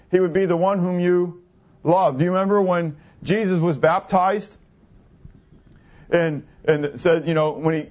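Male preacher, sermon, rhetorical questions to the congregation, slightly high pitch, dull lo-fi audio. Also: darkish tone. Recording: dull lo-fi recording.

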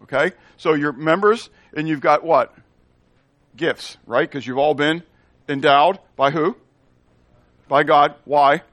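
A man's voice: fairly high pitch, slow pace, long pauses, a bit bright, no room sound. A male pastor preaching a sermon, often asking the congregation questions and answering them himself, with playful asides in made-up words.

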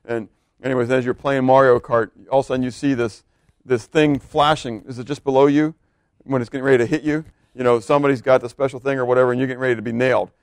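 A man's voice: mid-range voice, steady tone, quick pace, dry recording, studio quality. A man preaching a sermon in a loose, conversational way, asking the congregation questions and laughing now and then. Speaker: pastor.

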